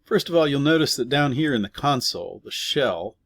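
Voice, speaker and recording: A man's voice: mid-range voice, expressive, brisk, vocal fry, fairly bright tone, dry recording, studio quality. A man teaching a casual programming lesson, explaining step by step with fillers and offhand asides while typing. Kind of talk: casual screen-recorded coding lesson.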